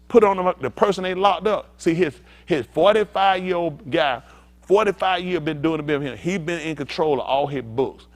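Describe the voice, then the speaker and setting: Animated preaching pastor, man. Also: a little high, normal speed. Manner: animated, rousing, talks back and forth with the congregation. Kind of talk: preaching to a congregation.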